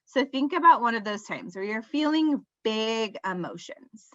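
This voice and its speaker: A woman in her thirties with a bright, forceful voice gives a relaxed webinar talk on parenting. She explains things conversationally and uses relatable examples. The sound is dry and a little dull, like a lo-fi recording. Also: a little high, measured pace, no echo. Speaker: parenting workshop presenter. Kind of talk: live webinar presentation.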